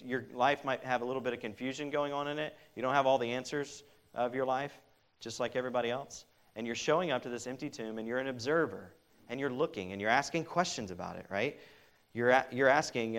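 This is a man delivering a sermon in an ordinary mid-range voice. He pleads earnestly with his listeners, turning to them with direct questions. His sentences often stall and restart as he thinks aloud. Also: mid-range voice. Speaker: pastor.

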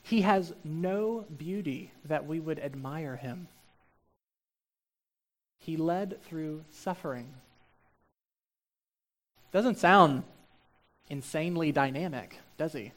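A male pastor preaching a sermon, shifting between quiet, reflective asides and loud, emphatic stretches. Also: fairly high pitch, takes it slowly, long pauses.

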